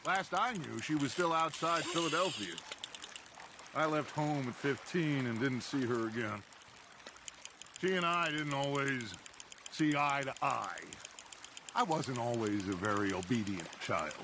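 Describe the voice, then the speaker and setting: An actor playing a charismatic middle-aged outlaw gang leader who talks in a smooth, reflective, persuasive way. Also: male voice, medium pitch, animated, measured pace, noisy background. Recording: game audio over loud lapping water.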